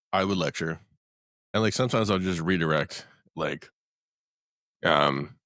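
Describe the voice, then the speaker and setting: A man's voice: low voice, fairly bright tone, no echo, studio quality. A man hosting a podcast, talking bluntly and rambling, with frequent swearing. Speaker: podcast host. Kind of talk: casual podcast chat.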